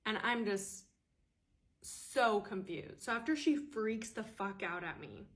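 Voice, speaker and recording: A woman in her late twenties tells a story straight to camera, quick and animated. Her voice is a plain mid pitch, and her telling carries steady exasperation. The talk is loose and chatty. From United States. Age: late 20s. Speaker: storyteller vlogger. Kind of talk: casual storytime.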